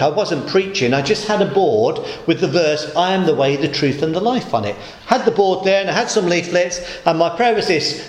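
A man preaching a sermon in an emphatic storytelling manner, acting out the voices of the people he quotes. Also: fairly high pitch. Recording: echoey room.

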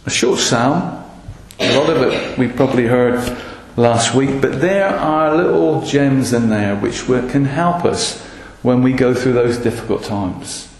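A man preaching a sermon in an earnest way, often pausing with ums and restarts. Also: mid-range voice. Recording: echoey hall with long reverb.

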